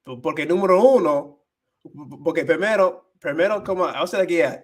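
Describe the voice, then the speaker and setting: Here a young U.S.-born man, English being his native language, switches between English and Spanish while hosting a relaxed livestream, restarting often and filling pauses. His pitch is a little high and his pace quick.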